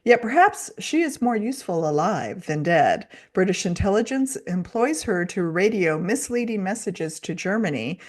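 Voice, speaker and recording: An upbeat woman co-hosting a book podcast, her voice set somewhat low for a woman. She chats casually and laughs easily with her co-host. When reading a book blurb aloud she turns to a clear, steady delivery. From Dallas, Texas, USA.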